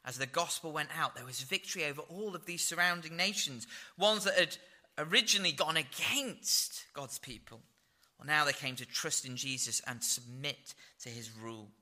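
A man's voice: a little high, normal speed, bright, forceful tone. A man preaching a sermon, reading scripture aloud and explaining it verse by verse. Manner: expository Bible teaching with fillers.

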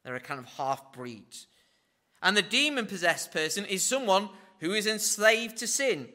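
Bright-voiced man teaching scripture. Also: animated, a little fast. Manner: acts out quoted lines with big pitch swings; wry asides. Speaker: Bible teacher. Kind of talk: verse-by-verse Bible teaching.

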